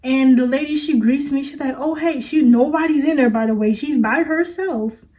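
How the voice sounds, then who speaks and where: Chatty high-voiced young woman storyteller. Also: moderate pace. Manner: chatty and animated, with slang and fillers, talking straight to viewers. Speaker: vlogger. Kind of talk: casual storytime vlog.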